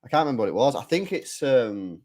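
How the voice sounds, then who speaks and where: A casual, chatty man talks through a live football match for his stream. He is slangy and loose, reads messages from chat, and gets loud and excited when chances come. His pitch sits in an ordinary middle range for a man. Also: fast. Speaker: streamer hosting a live match watch-along. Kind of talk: live football watch-along commentary, reading chat.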